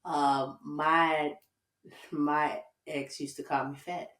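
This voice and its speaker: A woman guest on a podcast, speaking quietly and frankly in casual conversation. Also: deep voice, level tone, slow. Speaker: guest, host's cousin. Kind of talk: candid casual chat. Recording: roomy, distant from the mic.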